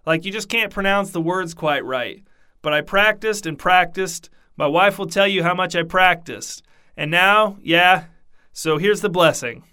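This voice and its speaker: A man's voice: sits high, unhurried, bright, forceful tone, clear, resonant tone. A man voicing a drunk, self-pitying king who rambles with slurred, sheepish words. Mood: rueful.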